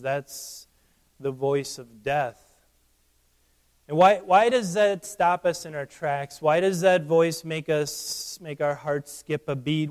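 A man preaching a sermon as a pastor, swinging from loud emphatic peaks to hushed low passages and often repeating words as he starts a phrase. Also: clear, resonant tone, big-room sound.

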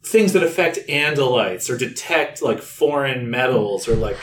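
A podcast co-host chatting casually about a book series, animated and quick to joke. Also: medium pitch. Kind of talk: casual chat about books. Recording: roomy echo.

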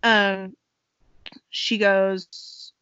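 A young woman co-hosting a podcast, chattily recapping a movie with quick acted-out quotes. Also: medium pitch, level tone, pushed and bright, clear, resonant tone, no echo, highs cut off. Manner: chatty, quick quoted voices, laughs often. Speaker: podcast co-host. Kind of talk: casual chat recapping a movie.

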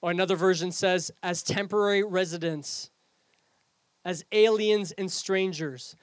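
A man's voice: high voice, steady tone, unhurried, no echo. A man preaching a sermon as pastor, earnest and rhetorical, speaking straight to his congregation and reading scripture aloud. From Canada.

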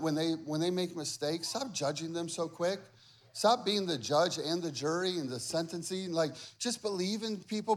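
High-voiced man preaching animatedly. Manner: animated, conversational preaching with humor; acts out quoted voices with big swings in loudness. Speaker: pastor. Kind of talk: sermon.

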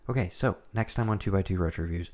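A man's voice: low-pitched, fast, darkish tone, slight background noise. A man co-hosting a podcast from his apartment late at night, rambling loosely and laughing often. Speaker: podcast co-host. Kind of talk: casual late-night chat. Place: home apartment.

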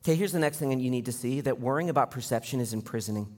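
A man in his thirties preaching a sermon, telling stories in an animated way and acting out the people he quotes. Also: mid-range voice, rapid-fire. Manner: animated storytelling, acts out quoted voices. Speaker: pastor. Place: large church hall. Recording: long hall reverb.

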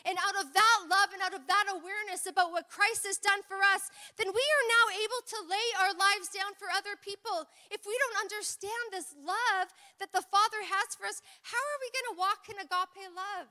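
Woman preacher, bright and high, storytelling sermon with call-and-response, long hall echo. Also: normal speed, hardly any pauses. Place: church hall.

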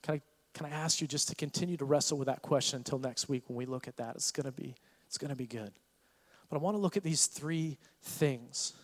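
A man preaching a sermon as pastor, animated and acting out the voices of Bible figures. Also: medium pitch, brisk, in a large hall.

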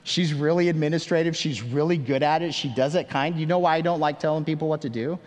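A man's voice: a little high, quick pace. A man preaching a sermon as pastor, earnest and conversational, with self-deprecating asides and emphatic questions to the congregation. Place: church sanctuary. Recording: long reverb of a large hall.

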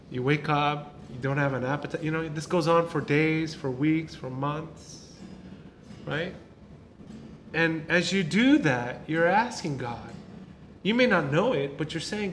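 Male pastor, informal sermon, fairly high voice, chatty delivery with repeats and tag questions, faint noise behind. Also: moderate pace, fairly bright tone. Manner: conversational, repeats words, many tag questions.

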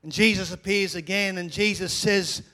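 A man preaching a sermon as pastor, energetic, with repeated phrases and swings between loud and quiet. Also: high-pitched, moderate pace.

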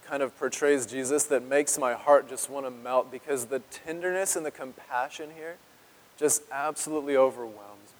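Earnest preacher, man, in a reverberant hall. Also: mid-range voice. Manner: dramatic pauses, dropping to a hush on key words; earnest and emotional. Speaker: pastor. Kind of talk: sermon. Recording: long reverb of a large hall.

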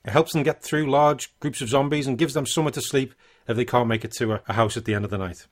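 A man co-hosting a casual movie podcast, relaxed and quick to laugh. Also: medium pitch. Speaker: podcast co-host.

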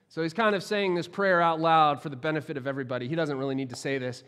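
A man's voice: fairly high pitch, steady tone, fast, hardly any pauses, a bit bright, clean tone. A man, a pastor, delivering a sermon in a conversational, playful way with frequent restarts.

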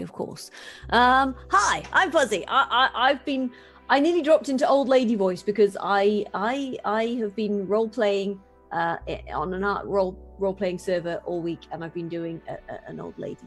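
A woman's voice: medium pitch, moderate pace, fairly bright tone, faint music behind. A woman player chatting playfully, her voice strained from a long week. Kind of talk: casual chat.

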